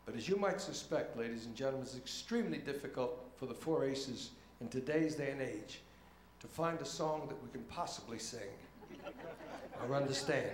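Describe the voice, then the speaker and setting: A man's voice: medium pitch, normal speed, echoey room, a little hiss or hum. A man introducing a song from the stage with a polished, wry showman's delivery. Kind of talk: stage patter. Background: band music.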